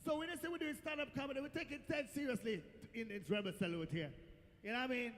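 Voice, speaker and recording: A middle-aged man with a Jamaican accent doing a stand-up comedy set on a festival stage, telling stories in a lively way with loud bursts to the crowd. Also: extremely high pitch, fast talker. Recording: echoey outdoor stage, faint noise.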